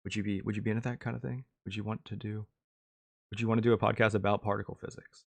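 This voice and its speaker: A man co-hosting a podcast, talking casually and thinking out loud as he plans segments. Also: on the low side, level tone, fast talker, vocal fry. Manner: plans aloud with many fillers and restarts. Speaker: podcast co-host. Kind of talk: casual chat.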